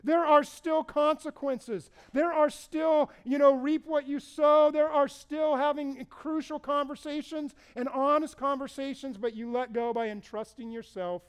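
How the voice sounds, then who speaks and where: A man's voice: very high voice, fairly even intonation, measured pace, hardly any pauses. A middle-aged male pastor preaching a sermon in a conversational, storytelling way, repeating words for stress.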